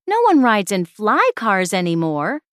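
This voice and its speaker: A woman's voice: medium pitch, wildly swooping pitch, measured pace, dry recording, studio quality. A woman voicing an eager, impatient eleven-year-old girl in a read-aloud story.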